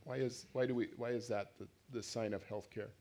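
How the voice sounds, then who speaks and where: Male pastor, mid-pitched, conversational sermon delivery with questions to the room. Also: fairly even intonation, a little fast, a little mellow. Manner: conversational, asks the congregation questions, acts out voices.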